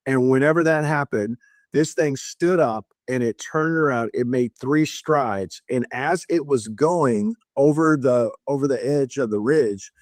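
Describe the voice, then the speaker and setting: A man's voice: mid-range voice, no room sound, studio quality. A middle-aged man, a podcast guest, telling a long story in casual conversation and acting out the dialogue with shifts in tone. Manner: animated retelling, acts out dialogue with shifts in tone.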